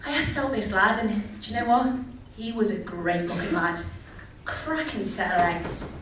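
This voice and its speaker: A woman's voice: mid-range voice, moderate pace, noisy background. A young woman doing a cheeky, chatty stand-up set, asking the crowd questions. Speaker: stand-up comedian. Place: comedy venue. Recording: echoey venue, distant mic.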